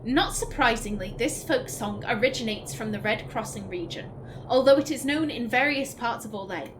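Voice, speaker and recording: A woman's voice: on the high side, background noise. A woman hosting a let's play, reading in-game poems and letters aloud and chatting emotionally between them. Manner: emotional, reads verse gently, then chats with quick laughing asides. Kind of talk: reading in-game texts aloud with casual commentary.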